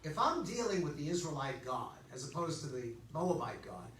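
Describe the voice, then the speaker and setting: Brief: a laid-back, chatty male prophet, as a rabbi puts him on, bright voice, distant mic in a roomy hall. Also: on the high side, very animated, normal speed, slight background noise. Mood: breezy. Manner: chatty, easygoing, offhand. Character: Bilam, male prophet, casual hospitable host. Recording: echoey hall, mic far off.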